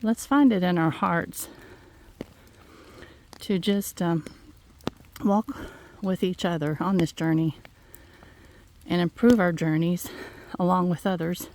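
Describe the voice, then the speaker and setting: A woman, slightly out of breath, talking gently and haltingly to her viewers outdoors on a phone. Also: lowish voice, a little hiss or hum. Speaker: farm vlogger. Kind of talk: casual heartfelt talk to viewers. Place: outdoors in fog. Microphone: handheld phone.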